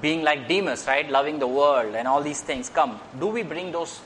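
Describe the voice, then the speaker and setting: A man's voice: a little high, moderate pace, a bit bright, a little hiss or hum. A man preaching a sermon in an earnest way. He repeats phrases and lifts his voice on key points.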